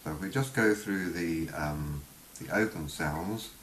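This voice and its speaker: A man with a low voice gives an unscripted spoken lesson on vowel sounds, halting often with fillers and voicing each sound slowly. The room sounds roomy, with a faint hiss.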